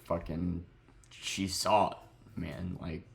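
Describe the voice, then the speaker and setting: A young man telling a sad story in a halting, grieving way, close to crying, in a confessional vlog. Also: sits low, level tone, gravelly. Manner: halting, heavy with grief, self-critical. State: near tears. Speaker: vlogger.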